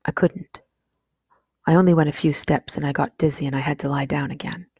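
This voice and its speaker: A sickly young boy, serious and calm, as a woman reads him in a storybook. The voice is husky and low. The recording is dry. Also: brisk, no room sound. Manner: serious, thoughtful.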